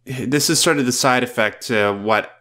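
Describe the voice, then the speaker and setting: A man's voice: mid-range voice, moderate pace, sharp tone. Male host of a casual online news show, chatty, laughs a lot, reads stories aloud.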